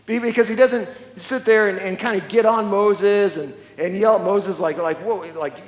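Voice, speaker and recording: High-voiced male pastor in an echoing hall. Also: steady tone, moderate pace. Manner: emphatic preaching with repeated words and restarts. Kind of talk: sermon. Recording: long echoey church hall reverb.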